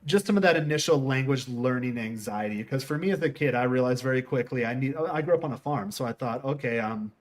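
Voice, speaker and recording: The host, a middle-aged man from the US, speaks fast at a mid-range pitch and barely pauses. He tells wandering, restart-filled stories in a casual conversation, doing voices whenever he quotes someone.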